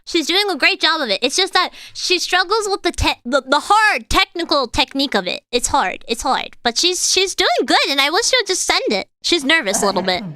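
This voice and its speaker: A woman streamer with a very high, bright voice talks to her chat in a casual, excitable way. She explains singing technique as she reacts, full of "like" and "uh", and her pitch swings widely. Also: fairly quick, few pauses, dry recording. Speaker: streamer and singer.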